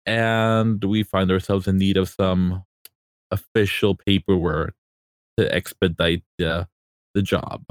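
A man playing a sly, smooth-talking crew boss. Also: low-pitched, flat delivery, slow pace, no echo. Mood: persuasive. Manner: wheedling, persuasive, chatty.

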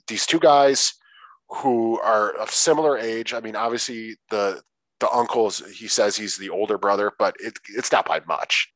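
Low-voiced man in dry close chat. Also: no room sound, poor audio. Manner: relaxed, swears freely, drawn-out emphasis. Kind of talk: casual film discussion.

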